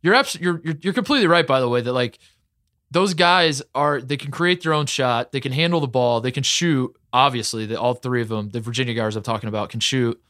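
A man with a mid-range voice chats excitedly about basketball on a podcast. He rambles, restarts his sentences and uses many fillers. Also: medium pitch, a little fast, no room sound, clean studio sound. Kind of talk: casual sports talk.

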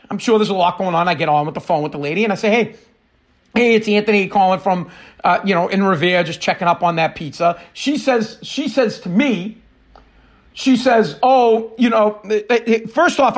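High-voiced man ranting. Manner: animated, profane storytelling with quoted dialogue. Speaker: podcast host. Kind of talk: casual ranting monologue.

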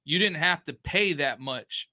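Bright-voiced casual podcast guy. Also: fairly high pitch, expressive, unhurried, no echo, studio quality. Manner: loose, rambling, profane slang-heavy talk. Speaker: podcast co-host. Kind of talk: casual chat.

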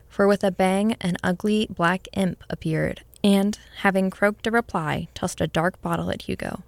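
Brief: woman storybook narrator, measured and expressive, gravelly low voice, dry close mic. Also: no echo.

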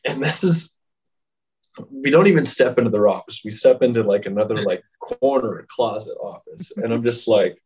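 Husky man rambling through a story. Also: mid-range voice, moderate pace, darkish tone, rough recording. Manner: rambling, many fillers, laughs often. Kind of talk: casual storytelling.

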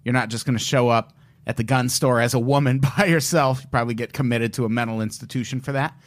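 A man's voice: mid-range voice, steady tone, fast. A man co-hosting a podcast, telling a crime story in a casual, joking way. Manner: joking, storytelling, puts on an old-timey voice at times. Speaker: podcast co-host.

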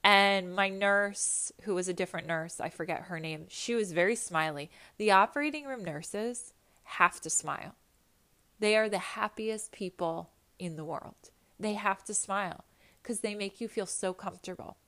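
A woman telling a personal story in a chatty, animated, self-mocking way, with quick asides and restarts. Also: medium pitch. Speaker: storyteller recounting a hospital visit. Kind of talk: casual storytelling monologue.

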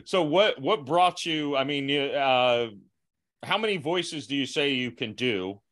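A man's voice: medium pitch, lively intonation, measured pace, a bit bright. A young man hosting a podcast in casual chat, stopping and restarting his thoughts with self-mocking asides. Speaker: podcast host.

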